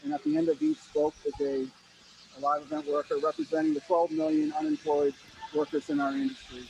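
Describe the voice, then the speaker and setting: A man speaks haltingly over a remote live link, with a gravelly, mellow voice that rises and falls in wide swings. Faint background noise runs under him. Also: a little high, expressive, dull audio. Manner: halting, searching for words. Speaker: event worker on a remote feed. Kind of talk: describing a display on a live link.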